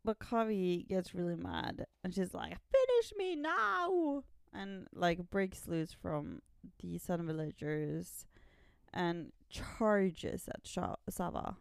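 A woman on a podcast walks through a story at a slow, easy pace, often saying "like". Her voice is clean and smooth, and the close recording is dry. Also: fairly low pitch, expressive, darkish tone, no room sound. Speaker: podcast co-host. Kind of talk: casual chat about a comic series.

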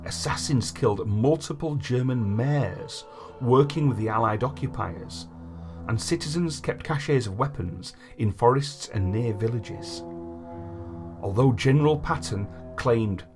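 A man with an expressive, mid-range voice speaks unhurriedly over music. As a podcast host, he reads long passages of history notes aloud, then slips into loose, casual chat full of fillers like "like" and "you know."

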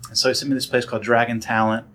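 Animated storytelling man. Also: mid-range voice, very fast. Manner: animated storyteller, many fillers and restarts, acts out voices. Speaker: guest, director and actor. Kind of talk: casual storytelling interview.

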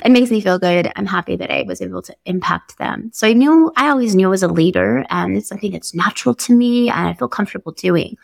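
Fast and nearly pause-free, this woman's mid-range voice carries vocal fry and no echo. As a podcast host she recounts a personal story candidly and conversationally, staying upbeat and easygoing and laughing a little.

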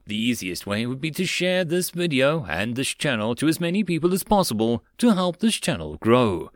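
A man reads a web novel aloud as an audiobook narrator, steady and even. His voice sits in a middle register and is recorded dry and close, with no room echo. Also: mid-range voice.

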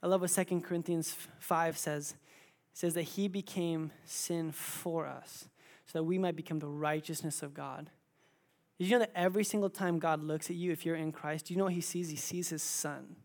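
A man in his thirties preaching a sermon as pastor, moving between quiet, intimate asides and loud, emphatic exclamations. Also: a little high, fairly even intonation, moderate pace. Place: church.

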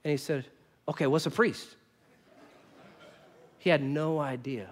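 Male pastor, high voice, lively sermon storyteller, loud-to-hushed swings. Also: unhurried. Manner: animated storytelling, wide swings between loud bursts and quiet asides.

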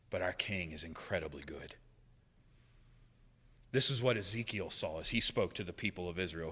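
Preaching man in an echoing hall. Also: fairly low pitch. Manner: conversational, joking, dramatic swings from loud to hushed. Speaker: pastor. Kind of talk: sermon.

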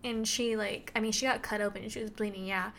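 A woman's voice: mid-range voice, steady tone, quick pace, vocal fry, fairly bright tone, a little hiss or hum. A woman co-hosting a casual book review chat, retelling scenes in a chatty, giggly way. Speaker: podcast co-host reviewing a book.

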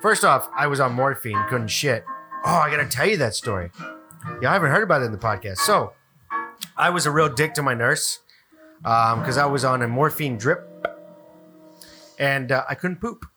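A man hosting a podcast, telling a rude hospital story in casual, profane talk and acting out his own yelling. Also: medium pitch, lively intonation, normal speed, pauses often. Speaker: podcast host. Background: music.

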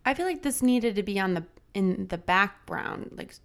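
A woman's voice: medium pitch, lively intonation, normal speed, gravelly, a bit bright. A young woman co-hosting a podcast, chatting casually and explaining things with many "like"s. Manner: chatty, heavy use of "like". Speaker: podcast co-host. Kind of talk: casual chat.

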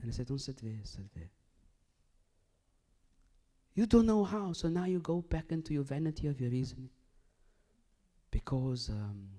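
A man preaching a sermon, swinging from loud emphatic bursts to hushed low lines and repeating phrases as he builds a point.

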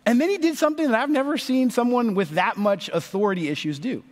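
A man in his thirties, a pastor telling a story in a sermon, animated and acting out the voices of the people in it. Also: very high-pitched, fast, hardly any pauses, slight background noise. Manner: animated, acts out voices in stories. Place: church sanctuary. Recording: long reverb of a large hall.

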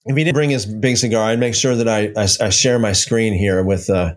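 A man's voice: fairly low pitch, fairly even intonation, fairly quick. A man hosting a casual livestream, rambling and taunting, repeating himself as he reads viewer comments. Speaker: livestream host.

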